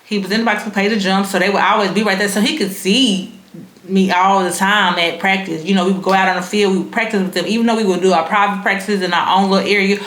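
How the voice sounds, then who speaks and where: A woman's voice: mid-range voice, fairly even intonation, fast, a bit bright. A young woman, telling a story to her vlog audience in a frank, slangy, casually profane way. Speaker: vlogger. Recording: roomy echo.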